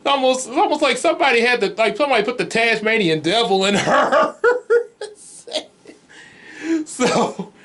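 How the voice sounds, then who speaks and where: A man's voice: very high-pitched, fairly quick, few pauses, pushed and bright. A man giving a casual, rambling movie review, chuckling often and restarting his sentences. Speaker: comics vlogger reviewing a movie.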